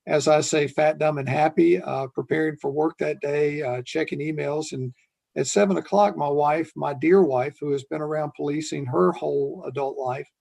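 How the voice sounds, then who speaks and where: Older male guest, ex-police chief, fry in the voice, earnest and unhurried. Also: on the high side, fairly even intonation, darkish tone. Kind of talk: conversational interview storytelling.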